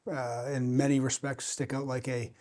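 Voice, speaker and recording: A man's voice: mid-range voice, little pitch movement, moderate pace, darkish tone. Direct American man with a faint Boston accent. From Boston, USA. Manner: direct, emphatic, many restarts. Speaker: guest, private equity banker. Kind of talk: casual podcast chat.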